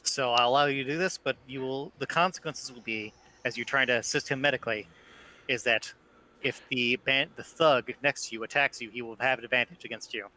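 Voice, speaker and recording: A man's voice: mid-range voice, fairly quick, pushed and bright, poor audio. A man acting as game master, explaining rulings step by step. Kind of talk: running a tabletop game.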